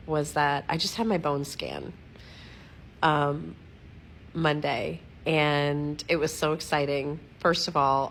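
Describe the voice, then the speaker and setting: Low-voiced, rambling, giggly woman. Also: a little hiss or hum. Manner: rambling, giggly, self-mocking, digresses often; clears throat often. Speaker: vlogger updating followers. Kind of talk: casual chatty video update. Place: at home, lying against her dog.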